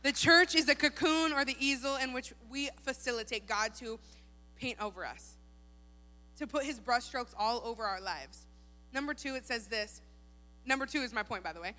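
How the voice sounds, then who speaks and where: A woman's voice: fairly high pitch, normal speed, pushed and bright. A young woman preaching a sermon in a church hall, casual and chatty. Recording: long hall reverb.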